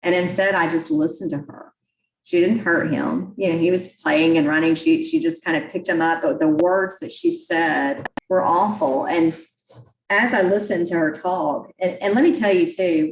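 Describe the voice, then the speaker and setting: A woman talks to a club meeting in a folksy, self-deprecating way. Her voice sits a little low. The room is echoey, and she is some way from the mic. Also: normal speed, distant mic. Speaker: guest speaker at a club meeting. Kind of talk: storytelling talk.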